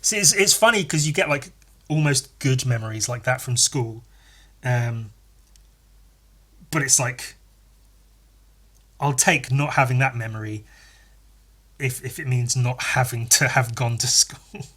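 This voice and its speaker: A man's voice: mid-range voice, measured pace, long pauses, a bit bright, husky. A young man hosting a podcast, telling stories in a sweary, sardonic way with frequent laughs. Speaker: podcast host. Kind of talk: casual storytelling monologue.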